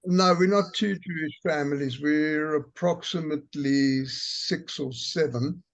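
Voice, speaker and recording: A man on a video call telling a relaxed anecdote, with hesitant fillers. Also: a little high, unhurried. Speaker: community member. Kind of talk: casual storytelling.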